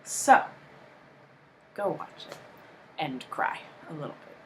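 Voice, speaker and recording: A woman with a low-set voice that swings widely as she talks, co-hosting a casual review. She sounds exasperated and animated, slipping into mock quotes. Faint noise hums underneath. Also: slow. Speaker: podcast co-host.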